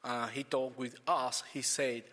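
A man's voice: mid-range voice, little pitch movement, bright, forceful tone, in a large hall. Man giving church testimony. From Cuba. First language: Spanish. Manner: halting non-native English with frequent restarts.

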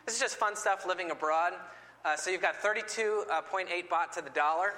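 A man's voice: high-pitched, brisk, sharp tone. A man presenting to an audience with playful, joking asides. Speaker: missionary presenter. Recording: long hall reverb.

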